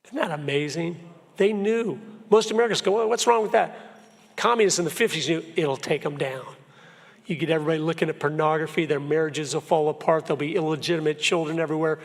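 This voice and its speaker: A man in his fifties from Florida, giving an earnest, emphatic church talk full of personal stories. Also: fairly high pitch. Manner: earnest storyteller, emphatic, shifts pace a lot. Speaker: guest speaker. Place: church sanctuary. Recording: long hall reverb.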